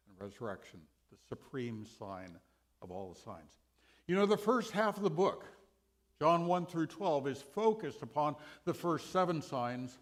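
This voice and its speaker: A man teaching a sermon session in a church, deliberate, with emphatic rises and quiet drops. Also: animated. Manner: slow, deliberate, dynamic rises and drops in pitch and loudness. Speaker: guest Bible teacher.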